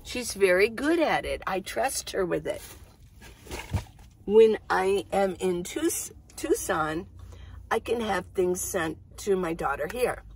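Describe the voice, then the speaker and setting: A woman's voice: medium pitch, expressive, slow pace, creaky, slight background noise, low-quality recording. A middle-aged woman hosting a casual, rambling coffee-chat vlog from her minivan. She laughs often as she talks. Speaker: vlogger. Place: inside a minivan.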